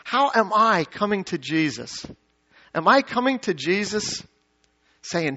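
A man preaches a sermon in a church, his voice set high for a man. He throws questions out to the congregation and swings between emphatic peaks and hushed low asides. The recording sounds dull and lo-fi. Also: expressive, unhurried. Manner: dynamic preaching, rising to emphatic peaks then dropping low. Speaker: pastor. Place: church sanctuary.

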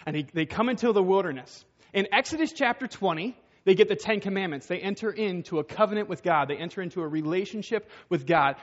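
A man preaching a sermon in a conversational way, asking rhetorical questions and acting out the voices of the people he quotes. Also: sits high. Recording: dull, echoey hall sound.

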